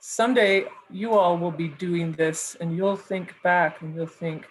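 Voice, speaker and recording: A woman's voice: lowish voice, fairly even intonation, normal speed, a little hiss or hum, rough recording. A woman professor giving a mock lecture over a video call, loose and conversational, thinking aloud.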